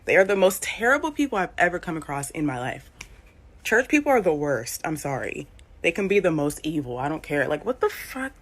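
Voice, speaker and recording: A woman vents in a bitter, profane rant. Her voice is low and husky, with a breathy edge. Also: very animated, brisk. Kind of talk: angry vlog rant.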